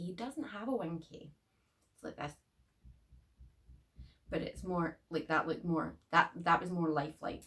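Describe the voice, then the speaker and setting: A woman's voice: on the low side, unhurried, long pauses, a bit bright. A young woman reviewing a horror movie in her bedroom, rambling and chatty with lots of filler.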